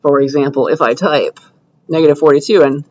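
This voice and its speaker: A young man lectures a class, walking through a coding demo in a relaxed, conversational way and often pausing to ask whether the room is following. His voice sits somewhat high for a man. The recording sounds dull and lo-fi, like a classroom capture. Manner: conversational, checks understanding with frequent "right?" and "okay?". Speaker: computer science lecturer.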